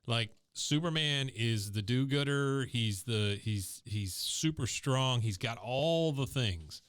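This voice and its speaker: A man's voice: medium pitch, expressive, slow, a bit bright, smooth. A man co-hosting a casual podcast, reacting with mocking disbelief. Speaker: podcast co-host. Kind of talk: casual chat.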